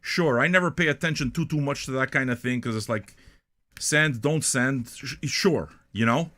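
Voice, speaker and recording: A man's voice: mid-range voice, moderate pace, fairly bright tone. An older man from Canada, hosting a music reaction show in a blunt, profane, rambling monologue.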